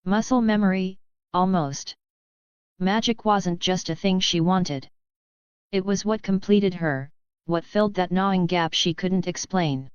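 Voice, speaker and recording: A woman narrating a webnovel audiobook in an even, measured reading. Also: fairly low pitch, clean tone, dry recording, dull audio.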